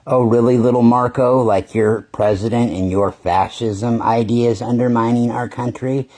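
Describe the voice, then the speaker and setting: A man's voice: medium pitch, fairly even intonation, moderate pace, dark tone. A man hosting political reaction commentary, mocking and sarcastic, with frequent swearing. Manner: sarcastic, mocking, profane rants.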